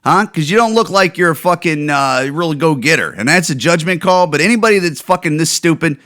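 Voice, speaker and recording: A man's voice: fairly high pitch, lively intonation, fairly quick, fairly bright tone. A man hosting a podcast, ranting in a profane, exasperated way about viral videos and stumbling over repeated words. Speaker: podcast host.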